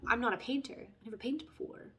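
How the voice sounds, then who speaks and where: A chatty woman reads tarot cards and talks straight to her viewers. She wanders into side stories and apologizes for them. Her voice swings between loud bursts and soft, near-whispered asides. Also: fairly high pitch, quick pace. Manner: chatty, tangents, lively swings in loudness. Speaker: tarot reader. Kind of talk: casual spoken tarot reading.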